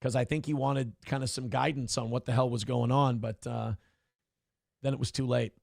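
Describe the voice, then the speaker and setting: A man's voice: mid-range voice, steady tone, moderate pace, gravelly, no echo, clean studio sound. A middle-aged man hosting a casual livestream, reading out chat comments and talking candidly in a rambling way, with many restarts.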